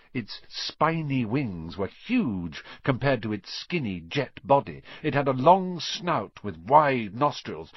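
A man narrates a children's storybook in a husky, lively voice that swings expressively. The recording is dry and somewhat dull. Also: medium pitch, no room sound. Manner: expressive, voices each character. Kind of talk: storybook reading.

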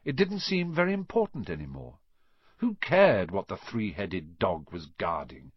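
Husky expressive male storyteller. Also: low-pitched, measured pace, no echo, muffled recording. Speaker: audiobook narrator. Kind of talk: scripted story narration.

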